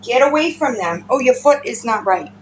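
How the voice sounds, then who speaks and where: A woman chatting casually on a home livestream, rambling and swearing, and breaking into high baby-talk with her pets. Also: lively intonation, normal speed, a little hiss or hum, poor audio. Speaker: livestream host. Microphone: phone.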